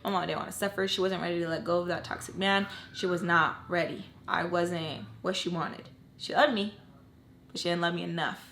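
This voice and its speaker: A woman telling a personal storytime, candid and blunt, swearing freely and dropping low and quiet at emotional moments. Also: fairly even intonation, brisk, gravelly, slight background noise. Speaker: storytime vlogger. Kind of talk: casual storytelling.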